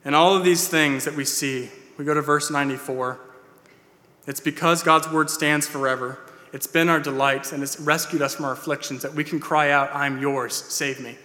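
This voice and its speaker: A man's voice: a little high, steady tone, normal speed, bright, forceful tone. A man preaching a sermon as pastor to his church, earnest and plain-spoken, with "uh"s and restarts. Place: church sanctuary. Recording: long hall reverb.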